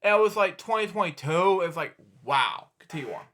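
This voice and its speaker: A man's voice: high-pitched, lively intonation, fairly quick, a bit bright. A man in his twenties, hosting a reaction video, rambling in casual commentary and muttering to himself while he searches. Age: 20s.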